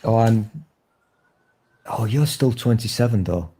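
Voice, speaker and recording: A man's voice: lowish voice, measured pace, dark tone, breathy edge. A man in his thirties with a Northern English accent, chatting casually, swearing freely and teasing himself and others. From Northern England. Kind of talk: casual chat.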